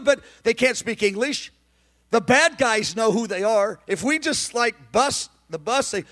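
A man preaching a sermon in an animated, emphatic way, sometimes shouting, with conversational asides and restarts. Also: sits high, normal speed. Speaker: pastor.

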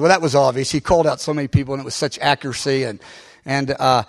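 A male pastor telling a story to his congregation, animated, with many fillers and restarts and sudden loud bursts. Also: medium pitch, brisk. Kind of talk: sermon storytelling.

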